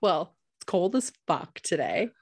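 A woman with a low speaking voice chats bluntly on a podcast, swearing freely and laughing often. The recording is dry and close. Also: very animated, a little slow, creaky, slightly rough, dry recording. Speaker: podcast co-host. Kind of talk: casual chat.

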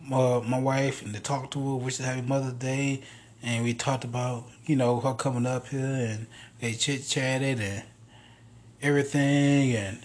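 A man's voice: mid-range voice, darkish tone. A man hosting a podcast alone, telling stories in a rambling, profane, casual way. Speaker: podcast host. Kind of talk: casual solo monologue.

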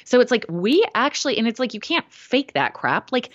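A woman co-hosting a podcast in casual chat, animated and blunt, swearing casually and acting out what others said. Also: fairly high pitch, moderate pace, no echo, highs cut off. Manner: animated, swears casually, acts out quoted voices. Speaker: podcast co-host.

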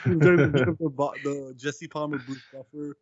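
A man's voice: fairly high pitch, fairly even intonation, normal speed. A young man co-hosting a podcast, telling funny moments with a chuckle and lots of slang. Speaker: podcast co-host. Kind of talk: casual chat. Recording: dull lo-fi dry recording.

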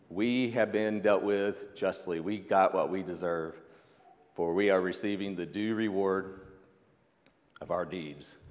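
Man, pastor, low voice, conversational sermon, long hall reverb. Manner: conversational preaching with asides and fillers.

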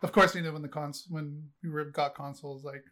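A middle-aged man chatting on a podcast, his voice sitting a bit high. He rambles along, stacking fillers as he goes. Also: steady tone, a little fast, pushed and bright. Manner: rambling, heavy on fillers, laughs often. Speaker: podcast co-host. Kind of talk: casual chat.

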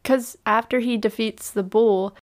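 A woman co-hosting a film podcast, recapping a movie in casual, animated chat with laughs and the odd swear. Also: a little high, measured pace. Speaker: podcast co-host.

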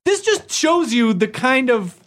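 Excitable high-voiced man chatting. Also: measured pace. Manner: excitable, laughs often. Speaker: podcast co-host and author. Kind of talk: casual chat.

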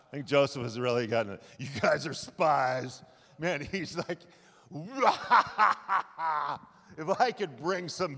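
A man preaching a sermon at a conference, retelling a story in a lively way and acting out what the characters say. His voice sits at an ordinary middle pitch. The recording carries a long hall reverb. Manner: animated storytelling, acting out quoted lines. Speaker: pastor.

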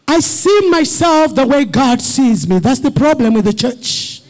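A male pastor preaching a sermon, rising to shouted, crying peaks and repeating short refrains, with his voice sometimes drifting away from the mic. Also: very high-pitched, expressive, a little slow.

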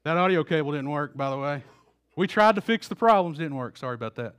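Into a stage microphone in a church auditorium, a high-voiced pastor talks fast with a clean tone as he delivers a relaxed, conversational sermon story. Now and then he repeats words, and he dramatizes the quoted lines as they come up.

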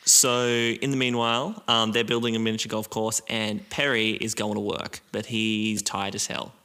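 A man's voice: fairly low pitch, level tone, normal speed, bright, forceful tone, clear, resonant tone. A man co-hosting a casual podcast chat, recapping a cartoon episode in a rambling way with lots of ums and some swearing. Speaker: podcast co-host.

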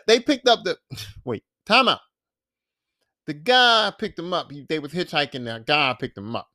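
A man hosting a podcast, casually recapping a TV series in a profane, animated storytelling manner, acting out the characters' lines. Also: a little high, no room sound, clean studio sound. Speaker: podcast host.

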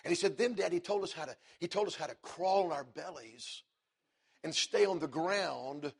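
A middle-aged man preaching a sermon, telling a story and swinging from hushed, quiet stretches to loud, emphatic preaching. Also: a little high, moderate pace, vocal fry, breathy edge.

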